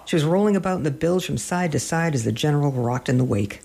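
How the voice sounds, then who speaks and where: A man's voice: on the high side, expressive, fast talker, gravelly, a little mellow. A man narrating a humorous story in a dry, wry storytelling manner.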